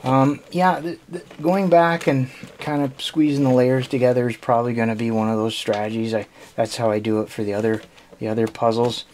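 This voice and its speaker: A man hosting a puzzle channel talks casually through an unboxing at a middling pitch. He stops and restarts often and laughs quietly to himself as he goes. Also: flat delivery, a little hiss or hum. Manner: hesitant, halting, full of restarts and small laughs.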